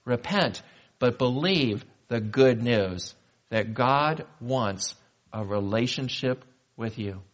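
A male pastor delivering a sermon in a conversational manner, asking the congregation questions and slowing down for emphasis. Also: mid-range voice, animated. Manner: conversational preaching with rhetorical questions and slow emphatic pauses.

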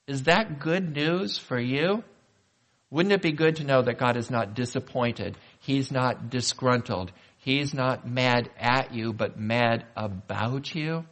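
A male pastor delivering a sermon in a conversational manner, asking the congregation questions and slowing down for emphasis. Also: mid-range voice. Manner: conversational preaching with rhetorical questions and slow emphatic pauses.

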